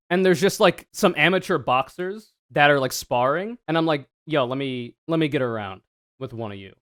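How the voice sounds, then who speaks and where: A man streaming a reaction to another video, talking casually with sarcastic, animated commentary and free swearing. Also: on the high side.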